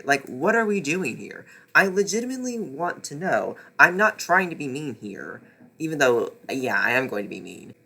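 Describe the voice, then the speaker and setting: A man's voice: on the high side, vocal fry, sharp tone. A man ranting sarcastically through a casual book review vlog, exasperated and swearing.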